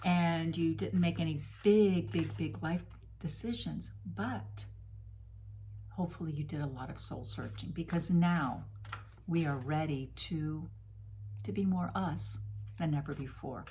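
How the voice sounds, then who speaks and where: A woman's voice: deep voice, a little slow, dark tone, a little hiss or hum. Effusive woman giving an oracle card reading. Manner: effusive and playful, with sudden exclamations. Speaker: spiritual reader.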